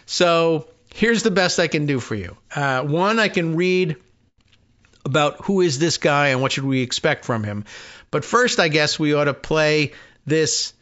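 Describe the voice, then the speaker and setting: A man's voice: fairly high pitch, animated, unhurried, a bit bright. A man hosting a talk radio show, rambling through a sardonic, digressive monologue. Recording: muffled lo-fi sound.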